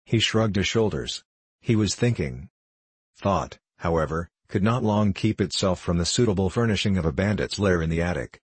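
Deep husky male storyteller. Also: expressive, no echo. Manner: measured, storytelling. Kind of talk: audiobook narration.

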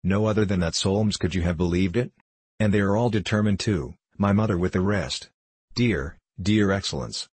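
Man, audiobook narrator, very deep voice, husky, dry close sound, measured and formal. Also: darkish tone, no room sound. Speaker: audiobook reader. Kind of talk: scripted narration of a period novel.

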